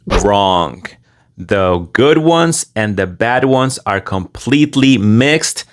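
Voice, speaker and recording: A man hosting an opinionated video commentary, scornful and emphatic, hammering short phrases. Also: mid-range voice. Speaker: commentary channel host.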